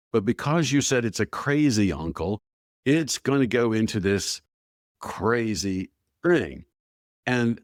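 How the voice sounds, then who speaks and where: A man with a fairly low voice, talking as a guest on an interview podcast. He tells anecdotes with energy, acts out what people said, and waves details away with "blah, blah." The sound is dry and close, with no room echo. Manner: animated storyteller who acts out quoted dialogue, with filler "blah, blah". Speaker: guest, AI strategy expert.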